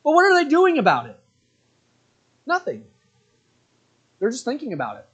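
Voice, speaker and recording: A man preaching a sermon to his church congregation, with animated delivery that rises into indignant outbursts. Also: very high-pitched, normal speed, breathy edge. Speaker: pastor. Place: church sanctuary.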